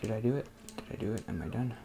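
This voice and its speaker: A man's voice: lowish voice, very fast, vocal fry, dark tone. A man from New Jersey giving casual, rambling gameplay commentary, hesitant and full of fillers, muttering to himself at the game. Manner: rambling and hesitant, with many fillers and self-interruptions; mutters at the game under his breath. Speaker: let's play host.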